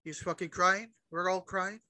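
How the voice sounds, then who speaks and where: Male co-host, high bright voice, dry close sound, animated cursing rants. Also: normal speed, dry recording, low-quality recording. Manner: animated ranting, heavy swearing. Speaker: podcast co-host. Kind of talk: casual chat.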